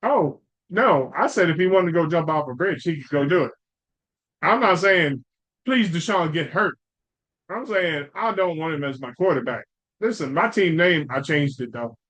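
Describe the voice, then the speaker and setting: A middle-aged man from Cleveland hosting a sports podcast, ranting in a profane, animated way. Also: on the high side, moderate pace, poor audio. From Cleveland, Ohio. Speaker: podcast host. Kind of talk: casual sports talk.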